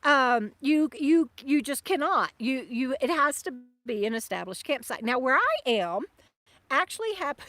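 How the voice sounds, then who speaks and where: A woman hosting a casual RV livestream from a lakeside campsite, chatty and halting with many fillers and restarts. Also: high voice, big pitch swings. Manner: soft baby talk to her dog. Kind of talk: casual live-stream chat.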